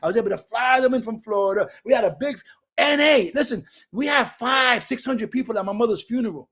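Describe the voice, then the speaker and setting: A middle-aged man from Brooklyn shares his recovery testimony on a video call. His voice runs high and animated, streetwise and emphatic, and it rises and falls with feeling. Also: brisk. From Brooklyn, New York. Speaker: recovery speaker.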